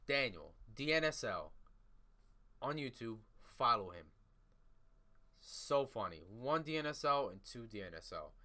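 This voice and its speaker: A man's voice: fairly low pitch, pushed and bright. A man hosting a podcast in a casual solo commentary, talking in a crude, rambling, blunt way. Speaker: podcast host.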